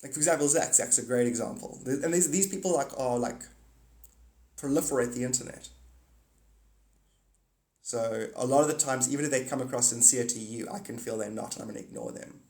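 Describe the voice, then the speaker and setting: A man's voice: medium pitch, fairly quick, a little mellow, roomy sound. A man hosting a casual livestream, talking to viewers in a rambling, blunt and profane way. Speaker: livestream host.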